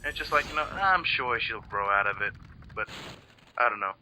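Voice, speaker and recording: Rambling, foul-mouthed man with a sharp voice. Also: medium pitch, animated, a little fast, faint music behind. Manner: rambling, profane, searching for words. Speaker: let's play co-host. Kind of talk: casual chat over gameplay.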